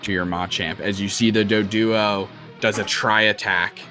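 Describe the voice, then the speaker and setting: A man's voice: on the low side, flat delivery, moderate pace, pushed and bright, faint music behind. A young man narrating a tabletop game as dungeon master, loose and casual. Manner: loose, casual, many fillers.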